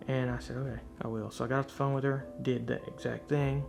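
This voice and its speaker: Sharing his faith testimony, a man reflects candidly in a mid-pitched, level voice that is deeply gravelly and heavy with vocal fry, talking fast. Soft guitar music plays faintly in the background.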